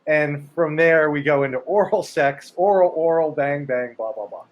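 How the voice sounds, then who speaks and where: A man's voice: a little high, moderate pace, few pauses, poor audio. A man co-hosting a podcast in casual chat, rambling and joking as he spins a made-up story. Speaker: podcast co-host.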